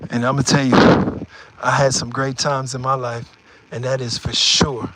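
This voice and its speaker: A man livestreaming to his viewers from a city street, phone held up as he walks. He rambles from one thought to the next in a loose, casual way, and street noise with passing traffic is clearly heard behind him. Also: mid-range voice, level tone, unhurried. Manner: rambling, talks to viewers while walking.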